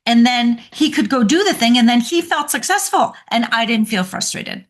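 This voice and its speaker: A woman coach, a guest on a podcast interview, telling stories in an animated way and laughing often. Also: fairly high pitch, normal speed.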